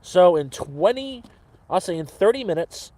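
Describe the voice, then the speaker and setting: A man's voice: sits high, sing-song, unhurried, darkish tone, dry recording. Rambling upbeat man chatting on a live stream. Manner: rambling, upbeat, swears freely. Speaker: cooking stream host. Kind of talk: casual live-stream chat with viewers.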